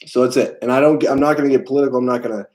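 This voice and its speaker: A young man hosting a casual live stream, talking haltingly with many fillers and answering viewers' chat messages. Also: medium pitch, fairly even intonation, darkish tone, low-quality recording. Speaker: film channel host.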